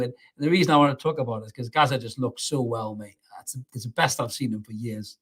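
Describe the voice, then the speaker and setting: A man's voice: medium pitch, quick pace, hardly any pauses, a bit bright, breathy edge. A man hosting a football podcast while he has a head cold, bantering casually and calling people mate. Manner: bantering, calls everyone mate. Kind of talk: casual chat.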